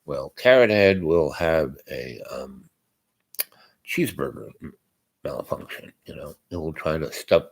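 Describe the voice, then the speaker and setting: A man's voice: extremely low pitch, animated, measured pace, vocal fry. An older man telling a rambling casual monologue as a podcast host, full of fillers and asides. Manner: meandering, many fillers and asides.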